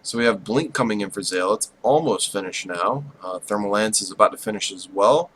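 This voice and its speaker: A man calls a strategy game in a relaxed, self-deprecating way, and his rather low voice spikes up when the fights get close. Faint background hiss sits under his commentary. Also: fairly quick, low-quality recording. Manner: casual and self-deprecating, bursts of excitement during fights. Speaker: esports caster.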